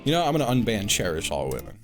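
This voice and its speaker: A man's voice: fairly low pitch, huge pitch swings, rapid-fire, soft background music. A man streaming live, chatting casually to his viewers, swearing freely and laughing often.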